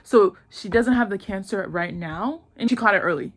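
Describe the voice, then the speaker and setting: Young woman host, casual chat, slangy and animated storyteller. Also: medium pitch, moderate pace. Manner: animated, slangy, with many "like"s, acting out characters' lines. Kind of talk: casual chat retelling a drama plot.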